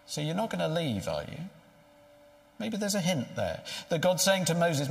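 A man's voice: a little high, big pitch swings, normal speed, creaky. A man preaching a sermon in a conversational way, asking rhetorical questions. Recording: echoey hall with long reverb.

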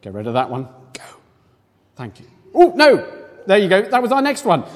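A high-voiced man leads a family church service, lively and rousing as he gets the children cheering. His voice rings out with long reverb in a large hall. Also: measured pace, pauses often, a faint crowd, slight background noise. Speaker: church leader. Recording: echoey hall.

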